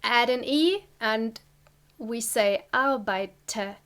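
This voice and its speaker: A woman from Germany, giving an online language lesson and explaining step by step with careful, deliberate pronunciation. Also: on the high side, a bit bright. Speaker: German teacher.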